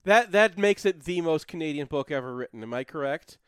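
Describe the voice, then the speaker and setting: A male co-host with a smooth, clear, slightly high voice, chatting quickly in casual conversation. The sound is dry and close to the mic. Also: animated, no room sound. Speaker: podcast co-host. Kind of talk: casual podcast chat.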